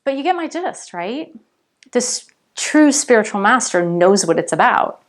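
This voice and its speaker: A woman who works as a spiritual coach, talking to her viewers in a casual vlog. She is chatty and animated and keeps addressing them directly. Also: fairly high pitch, a little slow.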